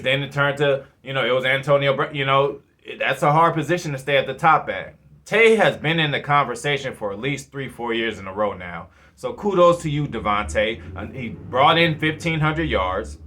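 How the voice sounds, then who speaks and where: A man in his thirties runs his own football fan channel, talking in a loose and rambling way with plenty of swearing. His voice sits a bit high and sounds bright and forward, and he keeps the casual commentary animated. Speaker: sports fan channel host.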